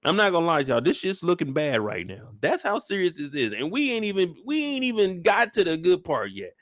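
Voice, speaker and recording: A young man giving live episode commentary with a high voice that swings widely up and down. He talks in a loose, profane, joking way and bursts into acted-out lines. The sound is dry and close, with no room around it. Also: fairly quick, dry recording. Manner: animated, profane, comic riffing; acts out scenes in shouted bursts. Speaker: streamer reviewing a TV episode.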